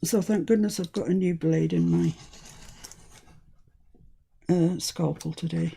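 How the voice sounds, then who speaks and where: A woman's voice: fairly low pitch, fairly even intonation, unhurried, vocal fry, mellow, a little hiss or hum. A woman from the UK hosting a live crafting demonstration, chatting as she talks herself through each step. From United Kingdom. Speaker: crafting channel host.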